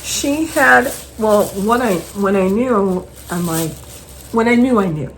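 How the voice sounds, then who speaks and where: Woman, host, rambling chat, lively up-and-down pitch, faint background hiss. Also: unhurried, poor audio. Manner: chatty, rambling, animated storytelling. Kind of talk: casual chat, showing purchases.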